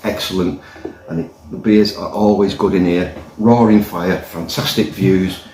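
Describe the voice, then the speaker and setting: By the fire inside a pub, a man chats about a pint in a rambling, jokey review. He has a low, a little mellow voice with fairly even intonation and a measured pace; the recording has roomy pub echo plus a little hiss or hum.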